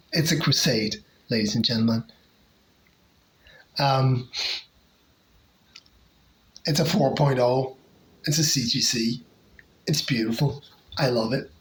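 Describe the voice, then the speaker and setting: A comic collector casually showing off favorite covers, talking hesitantly with lots of pauses and restarts. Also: medium pitch, sing-song, a little hiss or hum, low-quality recording. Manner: hesitant, many fillers and restarts.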